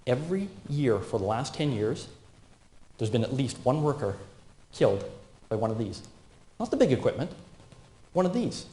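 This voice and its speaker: Brief: man in his 50s, conference safety talk, mellow tone, roomy hall. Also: mid-range voice. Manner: animated, asks the audience questions. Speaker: safety speaker. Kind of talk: conference presentation.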